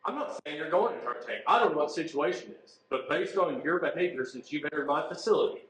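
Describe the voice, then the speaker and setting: Authoritative male jail supervisor, brisk and stern, echoey booking-room sound. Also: on the high side, expressive, fairly bright tone. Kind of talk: laying down the rules.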